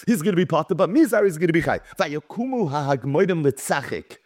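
Lively man giving a Talmud lecture. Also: on the high side, fairly quick, few pauses, no echo, clean studio sound. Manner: reads Hebrew and Aramaic texts then translates them; animated storytelling, acting out quoted speakers. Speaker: Torah teacher.

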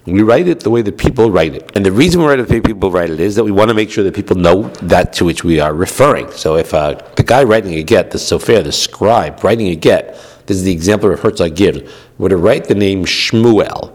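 A man's voice: sits low, expressive, brisk, a little mellow. A man teaching Jewish law in an explanatory lecture, patiently repeating his points and checking in with the listener. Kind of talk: explanatory text-study lecture.

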